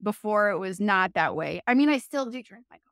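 A woman guest on an interview, telling her story in a loose, chatty way and restarting her sentences as she goes. Her voice sits at an ordinary middle pitch. The sound is dry and close, with no room echo. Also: animated, fairly quick, fairly bright tone. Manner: chatty, frequent fillers and self-corrections, laughs often. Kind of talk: casual conversational storytelling.

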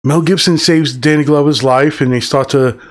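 A man in his fifties giving a casual spoken film review, excited and profane, rambling with fillers. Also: a little high, normal speed. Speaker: movie reviewer.

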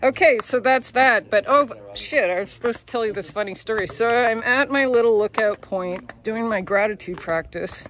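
A woman's voice: a little high, normal speed, few pauses, fairly bright tone. A woman tour guide talking in a candid vlog monologue, laughing often and swearing freely. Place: outdoors on a hillside lookout.

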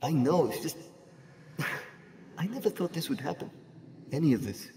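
An actor voicing a shy, poetic young man in a video game, speaking in a hushed, hesitant way. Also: a little high, big pitch swings, measured pace, husky, heavily acted.

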